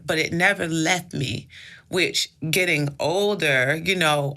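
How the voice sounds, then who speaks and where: A woman with a low voice that has a gravelly edge and a bright, forceful tone. She hosts a casual faith-based advice chat. She tells stories reflectively, with frequent "you know" and "like" fillers. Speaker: advice podcast host.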